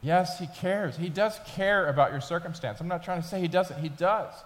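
A man's voice: high-pitched, normal speed. A man in his thirties preaching a sermon as pastor, telling stories conversationally and building in intensity. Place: church sanctuary. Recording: long hall reverb.

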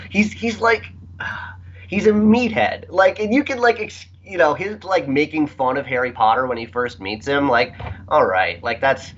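A man's voice: medium pitch, animated, a little slow, fairly bright tone, muffled recording. A man co-hosting a podcast, chatting in a rambling, sarcastic way. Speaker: podcast co-host. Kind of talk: casual chat.

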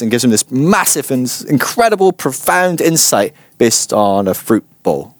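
A man giving an informal church teaching, chatty and animated, acting out voices in his stories. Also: mid-range voice, normal speed, hardly any pauses, no room sound. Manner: chatty, animated, acts out quotes.

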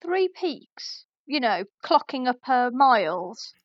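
A woman's voice: high-pitched, sing-song, slow. A woman explaining something in a casual chat, a little hesitant. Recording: dry dull lo-fi sound.

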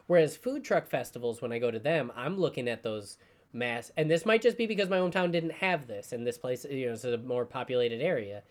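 A man's voice: medium pitch, fairly quick. A man from New York co-hosting a podcast, chatting casually and arguing his point with emphatic repetition. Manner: animated, argumentative, repeats words for emphasis. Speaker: podcast co-host. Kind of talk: casual chat.

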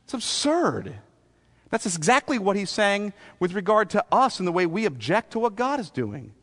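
Man, pastor, sermon, conversational, rhetorical questions, fairly high voice, long church reverb. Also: very animated, normal speed, a bit bright.

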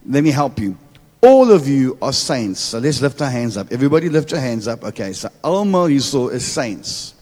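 A man's voice: medium pitch, sing-song, moderate pace, a little mellow. A man with a South African accent preaching a church sermon as a guest prophet, repeating words and calling for amens with playful asides. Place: church hall. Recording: long reverb of a church hall.

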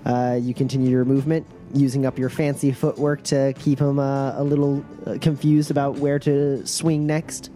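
A man narrating as game master in a tabletop game, halting with many fillers. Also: mid-range voice, little pitch movement, mellow, soft background music.

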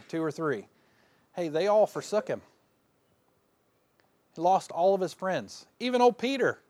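Man, pastor, folksy self-mocking sermon delivery, slightly high voice, dry close sound. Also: no echo. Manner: folksy, self-deprecating, laughs often; swings between loud bursts and quiet asides.

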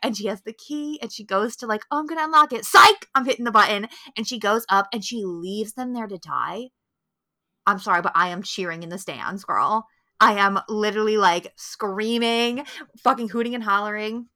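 A young woman co-hosting a podcast in casual chat, animated and profane, often acting out characters' lines. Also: medium pitch, normal speed. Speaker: podcast co-host.

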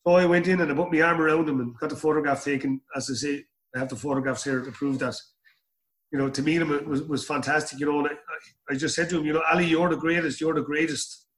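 A man's voice: fairly high pitch, steady tone, fast talker. Irish man telling a rambling anecdote. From Ireland. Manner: rambling anecdotal storyteller, repeats words. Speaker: guest. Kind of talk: storytelling interview.

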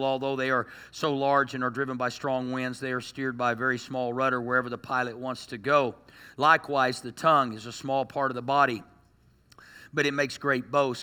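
A man preaching a sermon to a church congregation, animated and full of joking asides. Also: medium pitch, clear, resonant tone, in a large hall. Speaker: pastor.

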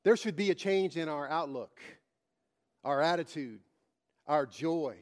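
A man's voice: on the high side, lively intonation, a little slow. A man preaching a sermon, repeating his phrases with emphasis and telling a story to make his point. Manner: emphatic, repetitive preaching cadence.

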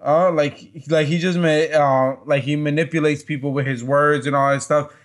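A man chats casually as a podcast co-host, his voice sitting a bit high. He rambles through his points, filling gaps with "like" and dropping the odd curse. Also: little pitch movement, normal speed. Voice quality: loose, rambling speech full of fillers and profanity. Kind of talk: casual chat.

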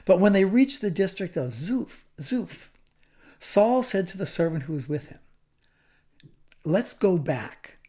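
A male preacher delivering a sermon, retelling a story in an animated way with humorous asides. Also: sits high, normal speed.

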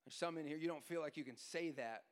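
High-voiced preacher in an echoing hall. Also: male voice, fast talker, smooth. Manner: builds from quiet storytelling to shouted, sing-song preaching. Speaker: pastor. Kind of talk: sermon. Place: church sanctuary.

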